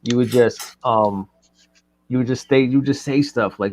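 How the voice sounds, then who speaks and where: A man's voice: medium pitch, fast talker. A man co-hosting a casual live chat, telling rambling stories and laughing often. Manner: loose, joking storyteller, laughs often. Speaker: co-host.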